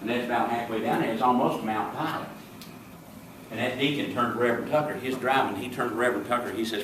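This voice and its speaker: Southern male comic spinning slow folksy tales live, recorded from a distance in a booming echoey hall. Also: fairly bright tone, a little hiss or hum. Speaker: comedic entertainer in character as a small-town deputy. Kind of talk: folksy stand-up storytelling to a live audience. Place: live venue before an audience. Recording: echoey room, distant mic.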